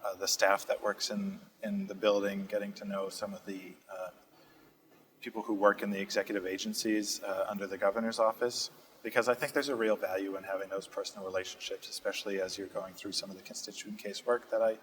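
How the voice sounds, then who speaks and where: A young man from Massachusetts, a state representative, is a guest being interviewed in a community TV studio. His low, fairly flat voice runs a little fast as he answers steadily and thoughtfully, often pausing on "uh" while choosing his words. The recording is rough.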